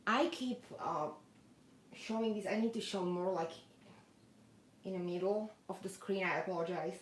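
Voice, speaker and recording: In an echoey room, a woman with a lowish voice and moderate pace chats through a live-stream doll unboxing. She reads live comments aloud with many fillers, and a little hiss or hum is audible.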